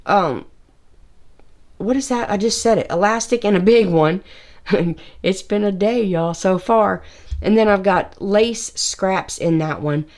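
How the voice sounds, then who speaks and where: A woman with a low voice chats her way through a tour of her home sewing room. She rambles, stops to find the right word and starts again, and she talks straight to the camera the way she would talk to a friend. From Tennessee, US. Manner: chatty, rambling, with filler words and restarts. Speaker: sewing vlogger.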